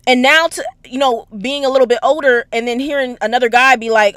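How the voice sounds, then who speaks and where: Animated woman giving casual commentary. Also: high-pitched, brisk, hardly any pauses, dry recording. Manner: animated, conversational, slangy. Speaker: anime commentator. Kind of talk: casual analysis monologue.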